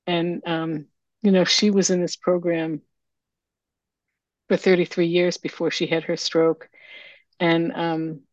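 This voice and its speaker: A woman's voice: fairly low pitch, flat delivery, no echo. Woman sharing over a dull video call. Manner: candid, emotional, halting with fillers. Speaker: meeting member sharing. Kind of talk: personal recovery share.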